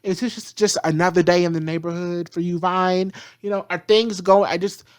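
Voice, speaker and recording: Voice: medium pitch, steady tone, moderate pace, smooth. A show reviewer ranting casually and profanely, piling up repeated rhetorical questions.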